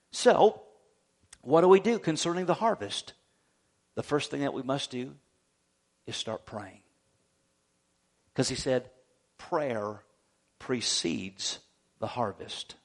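A man preaching a sermon as pastor, telling a story, acting out the voices of the people in it and calling for amens. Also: on the high side.

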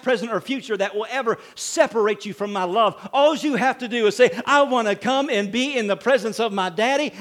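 A man preaching a sermon as pastor, animated, with frequent calls of amen and acted-out quotes. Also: very high-pitched.

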